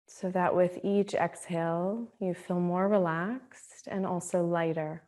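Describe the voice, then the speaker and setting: A woman teaching a guided meditation, speaking in a slow, soothing, gently inviting way. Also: lowish voice, steady tone. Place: Australia.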